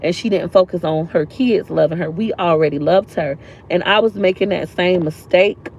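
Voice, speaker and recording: A woman's voice: lowish voice, normal speed, vocal fry, slight background noise. Earnest woman vlogging outdoors in a park. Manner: earnest, heartfelt, repeats lines for emphasis. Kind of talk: emotional motivational vlog talk.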